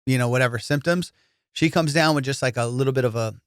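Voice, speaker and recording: A man hosts a comedy podcast in a loose, casual storytelling style, swearing freely and sprinkling in fillers. His voice is smooth and clear, and the close mic leaves it dry. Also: mid-range voice, fast, no room sound. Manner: loose, profane, lots of dude and fillers.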